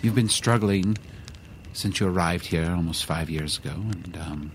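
A man's voice: deep voice, moderate pace, slight background noise. A man voicing a pompous, grandiose male wizard on an improvised comedy podcast. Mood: deadpan.

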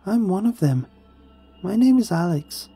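A scared young boy's voice, pitched high and pleading, from a spoken horror tale, as a male narrator puts him on. The voice is husky and dark-toned, rising and falling with urgency. Faint music plays underneath. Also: lively intonation, a little slow, full character voice. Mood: urgent. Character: frightened young boy trapped among suffering voices.

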